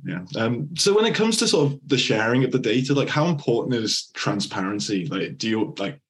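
A man's voice: medium pitch, big pitch swings, brisk. A man hosting an interview podcast, asking questions in a loose, chatty way with many fillers. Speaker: podcast host.

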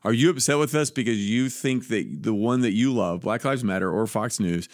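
A lowish male voice drives a podcast conversation, making his points with dry, wry asides. The sound is close and dry, with no room around it. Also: moderate pace, dry recording. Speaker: podcast co-host. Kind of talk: conversational discussion.

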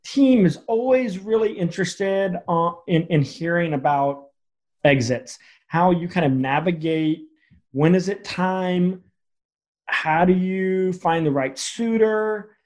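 Guy interviewer, pretty high voice, chatty and loose, video call. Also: takes it slowly, darkish tone. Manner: conversational, with many restarts. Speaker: host, interviewer. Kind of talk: casual interview. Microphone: video call mic.

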